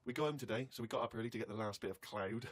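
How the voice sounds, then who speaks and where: A fast-talking man in a radio studio, reading a diary aloud with a teasing edge and frequent laughter. His voice sits at a middle pitch, and a clear hiss runs under the recording. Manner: teasing, quick, bursts into laughter. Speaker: host.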